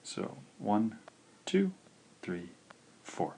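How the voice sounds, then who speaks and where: A man teaching in a recorded video lesson, patient and slow, saying each syllable out clearly. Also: low-pitched, animated, darkish tone. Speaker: language teacher.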